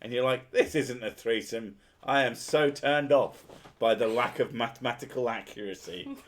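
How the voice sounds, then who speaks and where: A man's voice: mid-range voice, moderate pace. Crude joking man chatting. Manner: profane, jokey, laughs often. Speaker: streamer. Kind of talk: crude casual chat.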